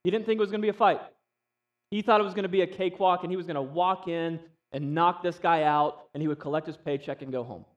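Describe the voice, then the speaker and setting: A man preaching a sermon in a relaxed, conversational way, often asking the listeners questions. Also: sits high, fast, recorded from a distance, highs cut off. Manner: conversational, asks the audience questions. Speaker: pastor.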